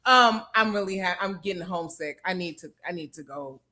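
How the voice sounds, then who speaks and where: A woman's voice: on the low side, fairly quick, pushed and bright. A woman from California co-hosting a live show, playfully exasperated and laughing in casual banter. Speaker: co-host.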